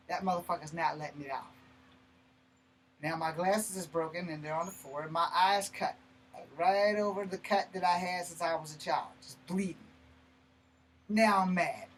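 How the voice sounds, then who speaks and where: A man's voice: sits high, a little hiss or hum, poor audio. Blunt, profane male storyteller. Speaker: martial arts channel host. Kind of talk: personal story told to camera.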